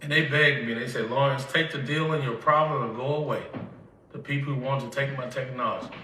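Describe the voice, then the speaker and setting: Older southern guy from mississippi, tearful, bright edgy voice, echoey room from far off. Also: medium pitch, fairly quick, slight background noise. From Mississippi, USA. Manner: emotional, tells events by acting out dialogue. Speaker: inventor telling his story. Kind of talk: emotional personal testimony.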